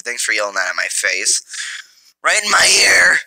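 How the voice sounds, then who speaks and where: A man giving mobile gameplay commentary through a phone's built-in mic, excitable and jokey, taunting his enemies. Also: mid-range voice, moderate pace, creaky, no echo. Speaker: gamer.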